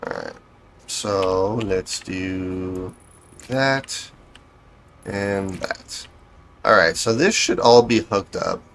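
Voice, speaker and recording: Low-voiced man narrating his gameplay. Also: big pitch swings, extremely slow, vocal fry, long pauses, a bit bright. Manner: thinking aloud, self-correcting, dryly sarcastic. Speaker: game streamer. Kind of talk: casual gameplay commentary.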